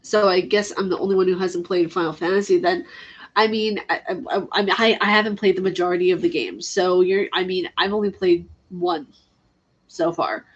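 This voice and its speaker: A woman's voice: fairly low pitch, brisk, muffled recording. A woman chatting casually on a live stream about video games, laughing often and answering her chat. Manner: chatty, giggly, reads chat aloud.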